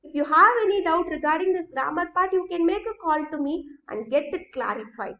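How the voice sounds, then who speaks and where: A woman teacher giving a recorded grammar lesson. She goes slowly, step by step, and often checks that students follow. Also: very high voice, pushed and bright. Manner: slow, explains step by step, checks understanding. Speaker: school English teacher. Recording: echoey room, dull lo-fi sound.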